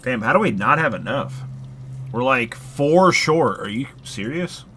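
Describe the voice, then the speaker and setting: A man's voice: mid-range voice, expressive, a little slow, sharp tone, a little hiss or hum. A man casually chatting while he streams a horror game live, rambling with lots of filler words and casual swearing. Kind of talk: casual live gameplay chat.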